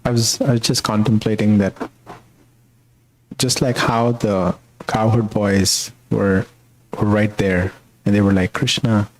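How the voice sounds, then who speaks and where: A man's voice: fairly low pitch, steady tone, unhurried, long pauses, poor audio. A man from the audience sharing a thoughtful, musing reflection. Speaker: audience member.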